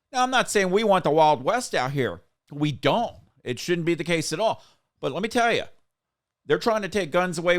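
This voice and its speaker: A man's voice: fairly high pitch, fairly bright tone. A man hosting a political podcast who rants emphatically and tells anecdotes in casual talk. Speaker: podcast host.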